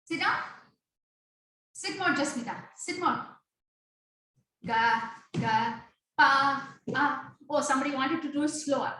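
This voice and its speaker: High bright lady dance teacher on a video call, chants the beat syllables slow, sounds far off in a really echoey room. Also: slight background noise. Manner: calls on students by name and gives short instructions. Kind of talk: online children's dance class.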